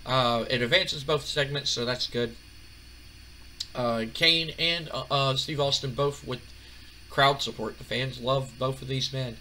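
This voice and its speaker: Over a bit of background noise, a man talks through his wrestling management game at a measured pace and medium pitch. He hosts a gaming channel, and his commentary is laid-back and meandering, packed with filler words.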